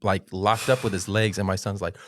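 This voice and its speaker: A man co-hosting a podcast, telling animated stories in casual chat and jumping up in pitch when he quotes people. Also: brisk, a little hiss or hum. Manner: animated storyteller who jumps high when quoting people. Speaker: podcast co-host.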